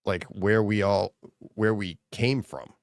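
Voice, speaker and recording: This is a low-voiced, gravelly man in easygoing chat, sounding close and dry with no room around him. He rambles and thinks out loud, restarting his sentences as he goes. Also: slow pace, no echo. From New England. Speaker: co-host. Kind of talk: casual chat on a live stream.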